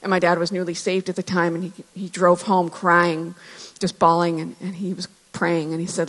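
A woman in her thirties giving a personal testimony in church, earnest and reflective, with pauses and restarts. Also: lowish voice, level tone, a bit bright. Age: 30s. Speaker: church speaker sharing testimony. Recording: hall reverb.

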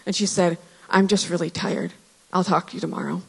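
A woman in her thirties shares a heartfelt church testimony, earnest and reflective, often pausing and restarting. Her voice sits a little low for a woman. A long hall reverb trails each phrase. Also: steady tone, vocal fry, slightly rough. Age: 30s. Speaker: church speaker sharing testimony.

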